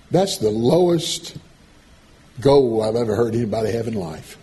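A preacher delivers his sermon with a lively, swooping voice, rising into loud calls and then dropping into hushed asides. His manner is folksy and animated, and a faint noise hums under him. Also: medium pitch, moderate pace.

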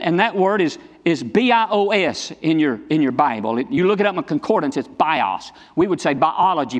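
A male pastor preaching a sermon in a church sanctuary, emphatic and repetitive, swinging between low and high passages. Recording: long church reverb.

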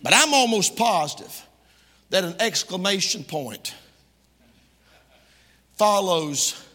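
Animated preacher, husky voice. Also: male voice, sits high, slow pace. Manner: animated, folksy, joking, bursts into shouting. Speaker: Baptist preacher. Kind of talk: lively sermon. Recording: long church hall reverb.

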